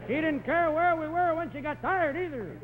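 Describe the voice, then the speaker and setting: A man's voice: very high voice, normal speed, long reverb tail. A man telling rambling joke stories as a stand-up comedian on a telethon stage. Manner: wisecracking, rambling anecdotes. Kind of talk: stand-up storytelling. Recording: tinny 1950s broadcast recording, faint hiss.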